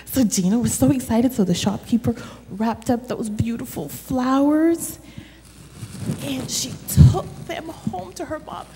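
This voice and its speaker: A woman leading a children's corner in church, telling a story in an animated way that speaks directly to the children. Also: high voice, a little hiss or hum. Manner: slow and animated, addressing children. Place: church sanctuary. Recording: reverberant church hall.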